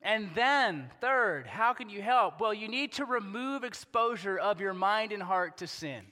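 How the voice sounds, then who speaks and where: A male pastor preaches a sermon loosely and conversationally, piling up rhetorical questions in an animated, slightly slow delivery. His voice sits a little high, bright and forceful, carried by the long reverb of a large hall.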